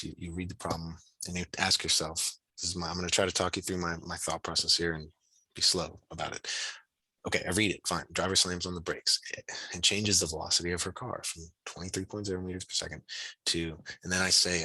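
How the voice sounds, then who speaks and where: A man's voice: low-pitched, bright, forceful tone, husky, no room sound, poor audio. A man tutoring physics over a video call, talking through his reasoning aloud in a casual, encouraging way. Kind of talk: online tutoring session.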